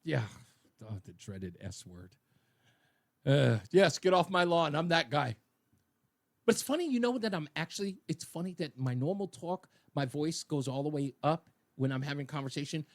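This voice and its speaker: A radio talk show host, a man who talks loud and booming as if addressing a crowd. His pitch swings widely and sits a little high for a man. He chats casually in a studio. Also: normal speed. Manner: loud, booming, animated delivery. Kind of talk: casual on-air banter.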